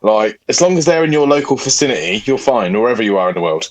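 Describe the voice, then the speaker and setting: A man's voice: medium pitch, big pitch swings, fast talker, no room sound, poor audio. A man co-hosting a podcast, chiming in with teasing, sweary banter. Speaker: podcast co-host. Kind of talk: casual banter.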